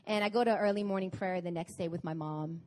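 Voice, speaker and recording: A young woman preaching at a prayer meeting, telling a personal story in an animated, chatty way. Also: fairly low pitch, fast talker. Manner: animated, chatty storytelling with laughs and acted-out quotes. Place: church meeting hall in Korea.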